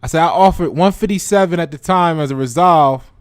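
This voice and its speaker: A man's voice: on the high side, a little fast, dry recording, clean studio sound. A man hosting a trading channel, chatting casually to his viewers with lots of repeated words and direct asks like "you see what I'm saying". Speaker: stock trading channel host. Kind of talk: casual explanatory chat to viewers.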